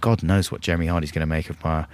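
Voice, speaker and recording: A man's voice: a bass voice, steady tone, rapid-fire, darkish tone, clear, resonant tone, no room sound. A man co-hosting a radio show at a festival, chatting playfully and now and then slipping into silly voices. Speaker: radio host. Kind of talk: casual radio chat. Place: outdoor festival broadcast.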